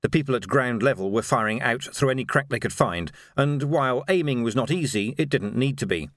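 Expressive man narrating a novel. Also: mid-range voice, a little fast, no room sound, clean studio sound. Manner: expressive storytelling. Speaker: audiobook narrator. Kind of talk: scripted narration.

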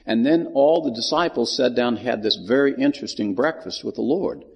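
A man teaches scripture in a relaxed, folksy storytelling way, acting out the lines of the people in the story. His voice is gravelly and a bit husky. It rings in a hall with a long echo. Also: mid-range voice, fairly quick. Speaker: Bible teacher. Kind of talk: Bible teaching.

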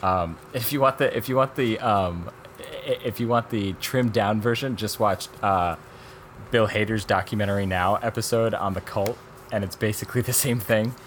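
On a casual podcast where documentaries get reviewed, a low-voiced male co-host rambles through one film's story at a moderate pace. He animates the retelling by voicing the people involved and laughing along, with a faint hum in the background.

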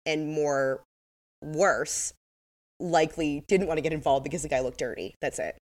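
During a casual podcast recap, a co-host with a slight lisp reads out quotes from her episode notes in a wry manner. She speaks at normal speed in a low-pitched voice.

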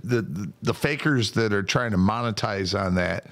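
A man's voice: fairly low pitch, normal speed, fairly bright tone. A man chatting as a guest on a podcast, talking in a hesitant, loose way with some swearing. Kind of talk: casual chat.

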